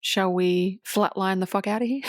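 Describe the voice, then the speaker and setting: A woman co-hosting a casual movie podcast, swearing freely and laughing often in a playful, loud way. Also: mid-range voice, fairly even intonation, moderate pace, no echo, clean studio sound. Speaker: podcast co-host. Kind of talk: casual chat.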